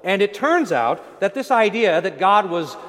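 A male pastor delivers a sermon with animated, emphatic preaching. His voice sits high and climbs and falls a lot. The church around him rings with a long reverb. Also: measured pace.

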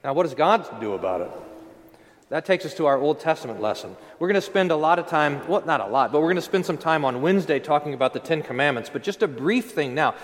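A man preaching a sermon as pastor in a church, animated and rising to emphatic declarations. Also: fairly high pitch, fast talker. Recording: long reverb of a church hall.

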